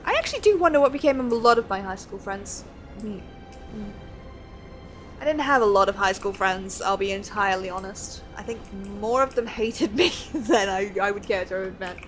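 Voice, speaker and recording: A woman's voice: medium pitch, expressive, normal speed, a bit bright, soft background music. A woman chatting casually while playing a video game, rambling and laughing between asides. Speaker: game streamer. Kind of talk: casual game playthrough commentary.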